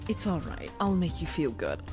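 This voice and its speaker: A woman's voice: fairly low pitch, wildly swooping pitch, normal speed, over music. A woman streamer chatting casually and giggling as she rambles to her viewers. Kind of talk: casual live-stream chat.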